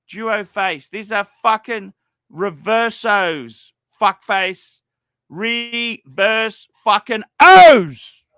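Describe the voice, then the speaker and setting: A man hosting a watch livestream, rambling and cursing, repeating himself and swinging between loud outbursts and low mumbles. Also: clean tone, no room sound. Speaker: livestream host.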